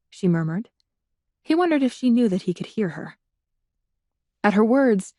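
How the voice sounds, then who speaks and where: A woman narrates an audiobook in a steady, measured reading voice, pitched in the middle range. She is close to the mic, and the recording is dry with no room sound. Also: dry recording. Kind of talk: scripted narration.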